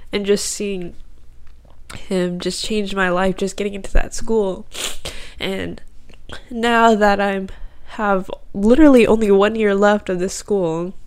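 Smooth-voiced young woman sharing a heartfelt story. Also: medium pitch. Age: young adult. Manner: emotional, tearful at times, filler-heavy casual talk. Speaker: podcast host. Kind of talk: personal faith testimony. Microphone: home podcast mic.

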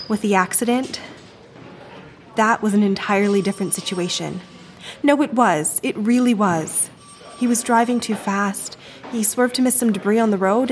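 A woman's voice: medium pitch, slight background noise, lightly acted. A woman acting a distraught grieving baby-snatcher. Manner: shaky, pleading, quiet. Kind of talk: audio drama acting.

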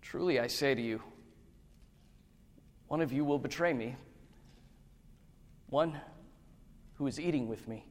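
A man reading the grave, sorrowful words of a male teacher in a slow, deliberate way, with a long hall reverb. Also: medium pitch, close to an everyday voice.

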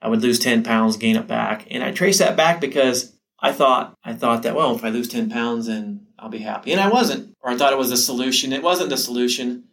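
A man's voice: mid-range voice, fairly quick, vocal fry, a bit bright. A middle-aged man talks to fellow teachers in a loose, conversational way, his voice sitting in an ordinary middle range. He stumbles and repeats words as he goes, and slips into his own inner voice to act out the thoughts he describes. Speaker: teacher giving advice to other teachers. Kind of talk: casual motivational talk to camera.

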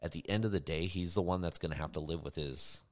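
A man with a low, darkish voice talks fast as he co-hosts a podcast. In this casual conversation he speaks earnestly about co-parenting and often agrees with a "right."

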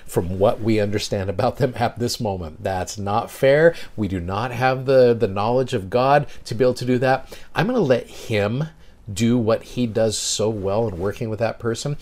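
A middle-aged seminary teacher hosting a podcast, telling a personal story in an earnest, reflective devotional talk. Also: male voice, lowish voice, normal speed, darkish tone.

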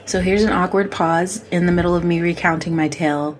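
A woman's voice: fairly low pitch, fairly even intonation, fairly quick, slight background noise. A woman hosting a podcast, narrating casually and chattily, with lots of ums and self-deprecating asides. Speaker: podcast host.

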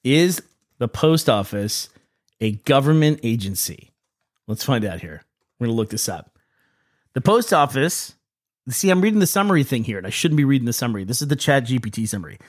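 A man's voice: medium pitch, big pitch swings, brisk, no room sound. Man, podcast co-host, loose storyteller, dry mic. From United States. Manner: rambling storyteller, laughs often. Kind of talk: casual chat.

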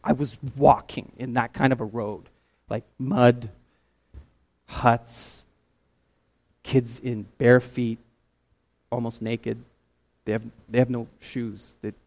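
A man from Canada preaching a testimony sermon, telling his story with animated, rising excitement. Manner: animated storytelling, climbs high and loud when excited.

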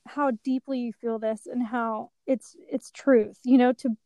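Woman cohost, kinda high voice, reassuring and teary, dry close mic. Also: fairly even intonation, a little slow, dry recording, poor audio. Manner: warm, reassuring, emotional. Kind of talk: faith podcast conversation.

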